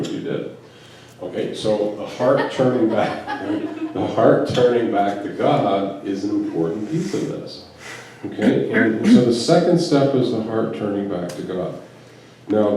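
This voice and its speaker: A man's voice: lowish voice, mellow. A man giving a spiritual talk to a live audience, telling stories with quoted dialogue and rhetorical questions. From United States. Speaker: spiritual teacher and physician. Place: large echoey event room. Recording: echoey room from a distance with faint background noise.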